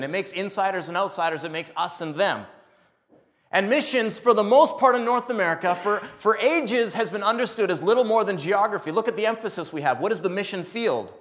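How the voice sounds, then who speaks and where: A man preaching a sermon as a missionary, animated and joking, acting out voices in his stories. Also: sits high.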